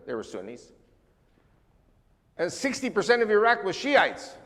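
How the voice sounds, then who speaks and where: An older man from the United States giving an emphatic, animated church talk as a guest speaker. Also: sits high, long reverb tail. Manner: emphatic, animated lecturing with sweeping lists. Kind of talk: church talk on world politics.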